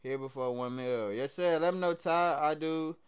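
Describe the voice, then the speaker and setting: A young man from the American South streams a game and talks with his viewers in excited, slangy bursts, now loud, now soft. His fairly high voice has a clear, resonant tone and moves at a moderate pace.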